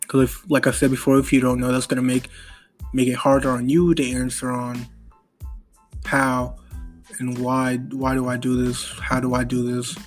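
Earnest young man with a flat voice. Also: medium pitch, soft background music. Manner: earnest, repetitive, halting with restarts. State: emotional. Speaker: podcast host. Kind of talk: solo motivational podcast monologue.

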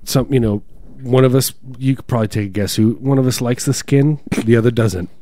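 A man's voice: mid-range voice, fairly quick, warm tone, no echo, clean studio sound. A middle-aged man co-hosting a comedy podcast, rambling through absurd riffs and silly bits. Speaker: podcast co-host. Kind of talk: improvised comedy banter.

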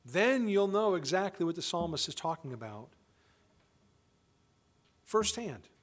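A man with a high voice delivers a sermon to his congregation. He presses his points emphatically and keeps posing rhetorical questions. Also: sing-song, measured pace. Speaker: pastor; father of children.

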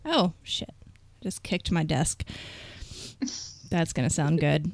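A woman's voice: deep voice, animated, slow, gravelly, a little mellow, no echo. A woman, co-hosting a podcast in chatty, self-deprecating casual talk. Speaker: podcast co-host. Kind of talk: casual chat.

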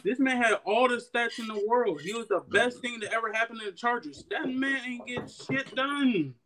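A man's voice: extremely high pitch, animated, normal speed, fairly bright tone, slight background noise. A man, a guest on a sports talk show, building an emphatic argument. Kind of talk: casual sports debate.

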